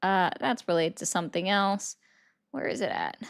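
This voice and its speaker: A woman with a lowish, expressive, creaky voice hosts a political livestream at a moderate pace. She reads and answers viewer comments in a casual, sarcastic, chatty way, talking straight to chat.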